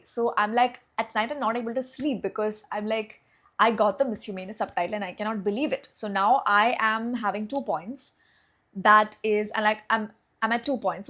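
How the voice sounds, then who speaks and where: A young woman with an Indian English accent, telling a personal story to camera in a casual, chatty way, full of fillers and acted-out thoughts. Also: mid-range voice. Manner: chatty, many fillers, acts out her own thoughts. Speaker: vlogger.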